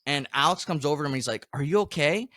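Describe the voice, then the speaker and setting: Male podcast host, lively storyteller, bright dry sound. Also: on the high side, rapid-fire, no room sound. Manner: animated storyteller, exaggerated complaints. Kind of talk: casual chat.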